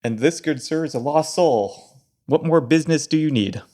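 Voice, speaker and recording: A man voicing a grandiose, pompous priest who makes loud, self-important proclamations. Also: a little high, moderate pace, natural voice.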